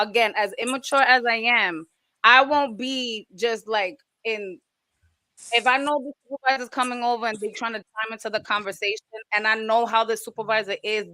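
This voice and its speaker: A woman's voice: on the high side, steady tone, moderate pace, bright, forceful tone, dry recording, poor audio. A woman co-hosting a podcast, talking bluntly and emphatically in casual slang. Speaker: podcast co-host. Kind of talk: casual group chat.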